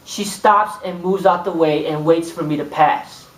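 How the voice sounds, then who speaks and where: A man with a fairly high voice gives a loose, rambling kung fu lesson and acts out little exchanges as he goes. He sits well back from the microphone. The room around him rings with echo. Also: steady tone, a little slow, a bit bright. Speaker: kung fu instructor. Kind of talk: informal spoken lesson. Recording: echoey room, mic far off.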